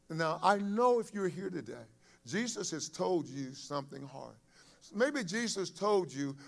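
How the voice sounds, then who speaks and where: A man preaching a sermon, animated, full of restarts and acted-out quotes. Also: high-pitched, gravelly. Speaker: pastor.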